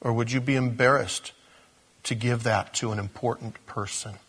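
A middle-aged man giving a sermon in a conversational, humorous way, with quick asides and acted-out quotes. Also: mid-range voice, steady tone, fairly bright tone, breathy edge. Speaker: pastor.

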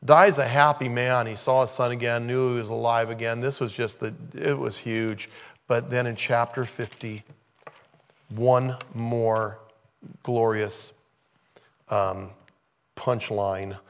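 A pastor preaches through a scripture passage in an easy, conversational way. His voice has a gravelly edge and sits at an ordinary middle pitch for a man. He becomes lively and animated when he acts out the story. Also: slow pace, long pauses. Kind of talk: expository sermon.

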